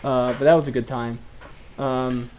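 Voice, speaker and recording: A man's voice: mid-range voice, little pitch movement, a little slow, background noise. A young man hosting a casual chat, telling stories animatedly and laughing often. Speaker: host.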